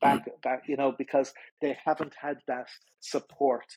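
A middle-aged man with an Irish accent talks openly in a studio interview, stumbling and repeating himself as he finds his words. His voice is husky and slightly breathy. The sound is dry and close. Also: medium pitch, level tone, darkish tone, dry recording, rough recording. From Ireland. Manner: halting, repeats words and restarts often. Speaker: guest. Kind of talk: candid interview conversation.

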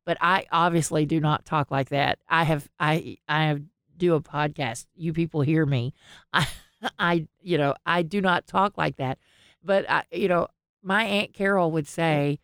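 Woman podcast co-host, low and smooth, chatty storyteller who swears freely. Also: a little slow, a bit bright, no echo, clean studio sound. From American South. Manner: rambling storyteller, laughs often, swears freely. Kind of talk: casual chat.

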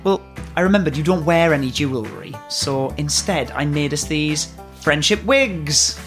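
A woman's voice: low-pitched, normal speed, faint music behind. A woman hosting comedy sketches, talking in a bossy, patronising way. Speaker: sketch podcast host.

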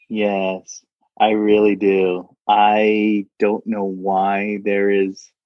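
A man from Saudi Arabia, a guest in a casual interview, telling stories in an animated way, laughing often and acting out other people's voices. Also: on the low side, dry recording, lo-fi sound.

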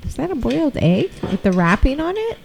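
A woman's voice: sits high, sing-song, a little fast, vocal fry, noisy background. A woman co-hosting a casual movie watch-along, joking around and slipping into silly voices. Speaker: co-host.

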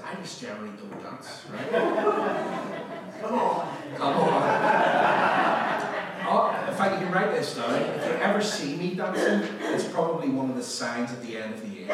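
A male pastor giving a sermon, telling stories with lively acted-out quotes and laughter. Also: medium pitch, heavy background noise. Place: large church hall. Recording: echoey church hall from a distance.

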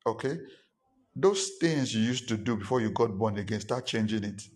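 A man's voice: on the low side, lively intonation, normal speed. A man preaching a sermon as a pastor. He talks emphatically, repeats his points and acts out the people he quotes.

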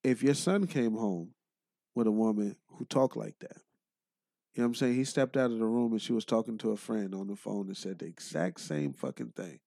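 A man's voice: fairly low pitch, creaky, dark tone, dry recording, clean studio sound. A man co-hosting a podcast, talking bluntly and emphatically in casual debate. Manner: emphatic, blunt, quick to agree. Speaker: podcast co-host. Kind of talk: casual chat.

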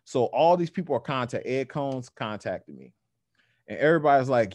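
Animated, lively male storyteller. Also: medium pitch, a little fast, dry recording. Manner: animated, acts out other voices, casual slang and swearing. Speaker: guest powerlifter. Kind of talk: casual storytelling.

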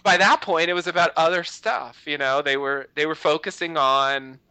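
Podcast co-host, male, somewhat high and very bright, rambling casual talk. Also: normal speed, smooth, no echo, poor audio. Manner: rambling, lots of "you know" fillers. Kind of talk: casual chat.

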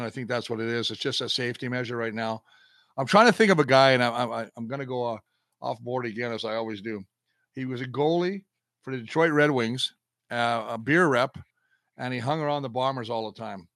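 A middle-aged man, once a football player, talks the game in an emphatic, storytelling way. His voice sits in a middle pitch and is recorded dry and close. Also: brisk, a bit bright, no echo. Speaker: football analyst, former player. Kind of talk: casual sports talk.

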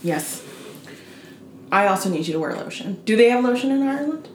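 A fairly high woman's voice with a lively, swooping delivery. She chats like a co-host, laughing easily and playing out little voices. The sound carries a roomy echo. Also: brisk, a little hiss or hum. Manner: playful, laughs often, slips into mocking quoted voices. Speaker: podcast co-host. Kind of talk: casual chat.

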